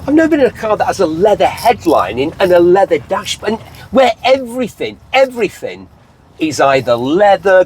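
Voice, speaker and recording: A man's voice: fairly high pitch, darkish tone. An English man hosting a car review, chatting animatedly from inside a car and slipping into put-on voices as he tells stories. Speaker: car show host. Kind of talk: casual car review chat. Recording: faint road noise in car.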